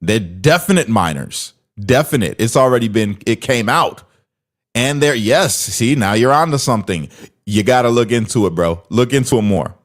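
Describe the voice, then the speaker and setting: A man's voice: mid-range voice, lively intonation, normal speed. Blunt, mocking man reacting on camera. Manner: blunt and mocking, talks straight to viewers. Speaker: reaction video host. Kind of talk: casual reaction commentary.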